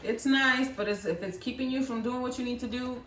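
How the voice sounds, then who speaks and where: A woman's voice: on the high side, a little fast, fairly bright tone, slight background noise. A woman giving a pick-a-card tarot reading, chatty and coaxing, often repeating words and checking in with "right?". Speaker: tarot reader. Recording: echoey room, mic at a distance.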